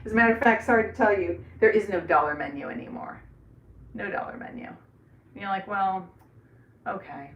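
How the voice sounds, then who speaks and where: A woman's voice: mid-range voice, lively intonation, a little fast, pauses often, fairly bright tone. Chatty middle-aged woman, echoey room. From Florida. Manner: chatty, rambling, laughs often. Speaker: livestream host. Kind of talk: casual live chat. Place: indoors in a bathroom. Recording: echoey room, voice from some distance.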